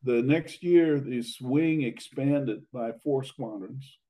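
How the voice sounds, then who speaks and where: An older man reminiscing about his academy days, halting with many fillers and restarts, his voice going hoarse and his throat needing clearing. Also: mid-range voice, mellow, low-quality recording. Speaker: interviewee, academy alumnus. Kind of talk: reminiscing conversation.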